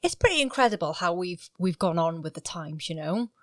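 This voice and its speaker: A woman's voice: on the low side, lively intonation, a little fast, fairly bright tone, no room sound, studio quality. A young Welsh woman co-hosting a podcast in casual, playful chat, joking and laughing often. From Wales. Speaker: podcast co-host.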